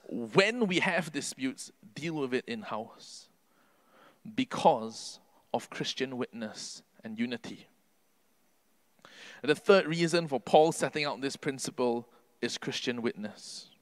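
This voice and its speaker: A man preaching a sermon earnestly, building to emphatic peaks and then dropping his voice low. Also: expressive, measured pace, fairly bright tone. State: can't sing due to covid.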